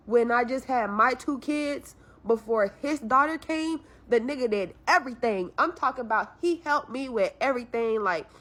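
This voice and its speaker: A woman's voice: on the high side, a bit bright. A young woman venting about her struggles in a blunt, frustrated way, cursing heavily as she tells her story. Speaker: caller telling her story.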